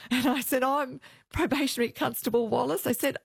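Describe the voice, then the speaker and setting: Older woman, ex-cop guest, lively storyteller who does the voices, dry close mic. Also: high-pitched, a little fast, creaky, dry recording. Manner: animated, acts out quoted voices. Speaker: retired police officer, guest. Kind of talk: storytelling in an interview.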